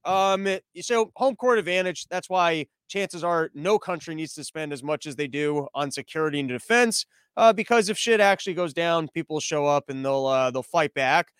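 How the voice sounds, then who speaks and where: A man hosting a casual podcast monologue, rambling, profane and animated. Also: high voice, moderate pace, few pauses, clear, resonant tone, no room sound. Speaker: podcast host.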